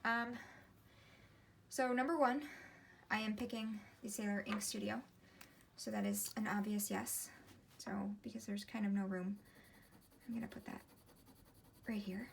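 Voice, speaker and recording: Woman, 30s, casual home vlogger; gravelly fry, rambling delivery, faint room hiss behind. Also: mid-range voice, fairly even intonation, measured pace, long pauses. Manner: chatty, meandering, self-interrupting. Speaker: ink collection vlogger. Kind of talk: casual rambling vlog while swatching. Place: home desk.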